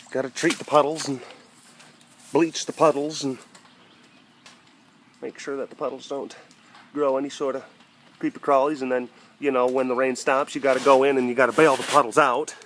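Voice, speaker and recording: A man's voice: medium pitch, slight background noise. A young man hosting a casual outdoor vlog at an animal compound, rambling and joking, cooing at the cats and making playful sound effects. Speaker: big cat sanctuary keeper and webcast host. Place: outdoors at an animal compound during rainy weather.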